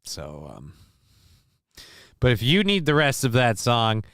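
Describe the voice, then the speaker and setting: Guy hosting a stream, smooth clear voice, dry close sound, swears a lot and rambles. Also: medium pitch, lively intonation, a bit bright, no room sound. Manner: profane, rambling, halting with fillers. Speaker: livestream show host. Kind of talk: casual rambling commentary.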